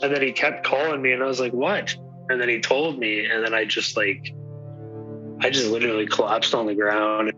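A man, the victims' eldest son, retelling events casually in quick bursts. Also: mid-range voice, steady tone, pushed and bright, soft background music. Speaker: interviewee, older brother. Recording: dull lo-fi audio.

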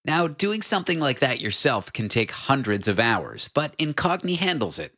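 A man's voice: mid-range voice, sing-song, moderate pace, bright, forceful tone. A man hosting an interview show, joking about himself and reading an ad. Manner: self-deprecating, joking. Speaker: show host. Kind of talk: casual interview and ad read.

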